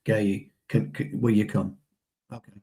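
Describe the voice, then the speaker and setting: Man, low-pitched, casual football banter, chatty co-host. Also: flat delivery, measured pace, warm tone, breathy edge. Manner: chatty, banter-filled, addresses co-host as pal. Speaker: fan channel co-host. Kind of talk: casual football fan chat.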